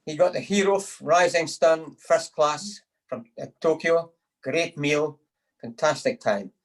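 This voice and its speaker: Taking his time, a man with a higher-pitched voice delivers the toast to the lassies at a supper via video call, the recording rough. His after-dinner routine is a string of jokes, with quoted lines performed and laughs at his own punchlines.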